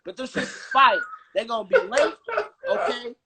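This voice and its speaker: A man from Chicago talking on a video call in a casual, animated, joking way and swearing freely. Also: extremely high pitch, moderate pace, very noisy. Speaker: guest musician.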